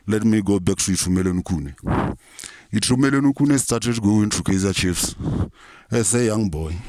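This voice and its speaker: A South African man with a lowish voice rambles through a comic rant, swearing freely and sermonizing in mock earnest. The sound is dry and close, with no room around it. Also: a little mellow, dry recording. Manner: rambling, profane, mock-preachy. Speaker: comic storyteller.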